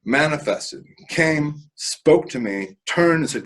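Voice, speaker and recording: A man's voice: mid-range voice, animated, takes it slowly, a bit bright, rough recording. A man being interviewed, telling a personal story candidly, rambling with many restarts and some casual swearing. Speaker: interview guest.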